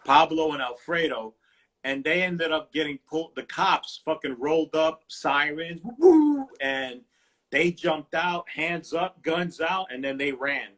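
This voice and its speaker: A man's voice: fairly high pitch, unhurried, pushed and bright. A man hosting a casual livestream chat, telling a profane story and acting out the quotes with lots of energy. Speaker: host. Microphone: livestream phone mic.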